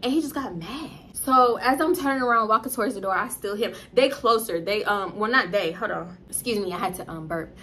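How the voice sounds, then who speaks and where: A woman's voice: mid-range voice, fairly quick, few pauses. A young woman telling a story casually, cursing and acting out what people said. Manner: animated, profane, acts out voices. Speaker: storytime vlogger.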